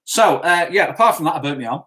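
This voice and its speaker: A man's voice: fairly high pitch, animated, fast, sharp tone. A man co-hosting a casual live stream, talking bluntly and rambling as he answers viewer comments.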